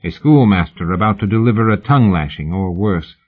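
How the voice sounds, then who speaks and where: A grim, curt Victorian investigator, read by a man. His voice is low and husky, and the sound is narrow and phone-like. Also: expressive, brisk.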